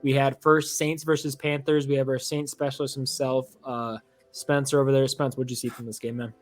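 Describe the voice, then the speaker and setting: A man's voice: mid-range voice, little pitch movement, moderate pace, faint music behind. A young man hosting a casual sports podcast chat, loose and laughing with lots of fillers. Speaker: podcast host.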